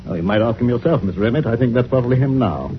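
An actor playing a gentle, fretful village vicar in a 1940s radio play, on a dull old recording. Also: male voice, mid-range voice, lively intonation, racing, noisy background, natural voice. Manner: earnest and fretful.

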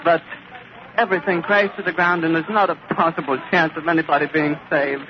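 A man's voice: on the high side, little pitch movement, a little fast. A radio reporter on an airfield, distraught, stammering and out of breath as he keeps describing the scene live. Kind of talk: live eyewitness commentary. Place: airfield outdoors. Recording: scratchy, muffled 1930s archival recording.

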